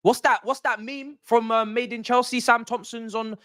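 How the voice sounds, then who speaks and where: Young guy, high lively voice, dry close sound, exasperated football ranting. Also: normal speed, no echo. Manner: animated, exasperated, slangy ranting. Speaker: streamer hosting a football watch-along. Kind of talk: live watch-along reaction.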